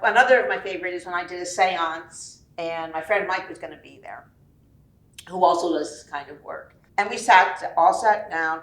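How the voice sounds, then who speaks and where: A woman clairvoyant medium giving a chatty, animated talk and acting out the quotes in her stories. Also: medium pitch, roomy sound. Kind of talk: personal storytelling talk.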